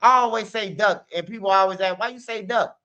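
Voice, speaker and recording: A man's voice: sits high, a little fast, pushed and bright, dull audio. A man hosting a stream, talking in a loose, slangy, rambling monologue full of "man" and "bro". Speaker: streamer host.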